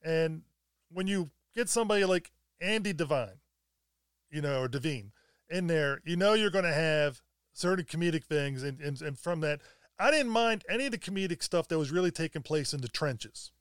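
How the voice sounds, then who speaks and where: A man chats about films in a casual podcast, conversational and sometimes repeating words as he hunts for the right one. His voice is somewhat high and smooth. The sound is dry and close. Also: expressive, a little fast, fairly bright tone, no room sound. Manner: conversational, repeats words while searching for them. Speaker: film discussion co-host.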